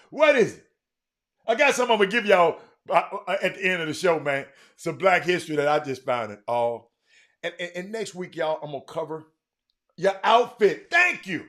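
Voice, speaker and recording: A middle-aged man hosting a sports talk show, chatting casually and teasing viewers in the comments with loud, animated outbursts. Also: high voice, moderate pace, long pauses. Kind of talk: casual live-stream chat reading the comments.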